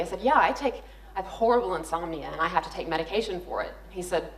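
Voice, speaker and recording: A woman's voice: medium pitch, lively intonation, fast talker, a bit bright. A woman speaker at a conference, telling funny, candid stories and acting out the voices she quotes. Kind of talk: storytelling talk on stage. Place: conference hall. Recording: echoey hall.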